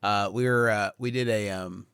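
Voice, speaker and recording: A man's voice: fairly low pitch, normal speed, clear, resonant tone, no echo. A man in his forties, a podcast co-host telling a rambling comic story about a family outing. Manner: rambling, builds to excited laughing. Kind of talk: comedic storytelling.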